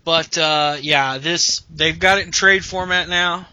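A man's voice: a little high, fairly even intonation, measured pace, pushed and bright, no echo. A man hosting a podcast, chatting casually and rambling with many restarts over lo-fi call audio. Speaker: podcast host. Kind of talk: casual chat.

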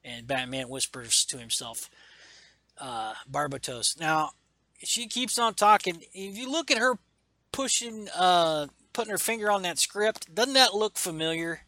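A man's voice: high-pitched, unhurried, sharp tone, dry recording. A man reading a comic aloud in casual chat, enthusiastically acting out the characters' lines with lots of fillers. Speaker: comic book podcast host.

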